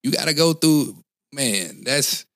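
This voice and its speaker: A man's voice: mid-range voice, expressive, slow pace, fairly bright tone, no room sound. A man in his forties, a former Marine, talking earnestly in an interview, rambling with frequent restarts. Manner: earnest, rambling, frequent restarts and "you know what I'm saying". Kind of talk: casual interview talk.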